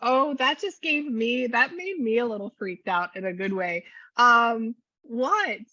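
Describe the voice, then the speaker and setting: A woman's voice: fairly high pitch, expressive, unhurried, bright, forceful tone, no echo, lo-fi sound. A woman working as a psychic medium, chatting animatedly with a client and often laughing. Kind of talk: reading session with a client.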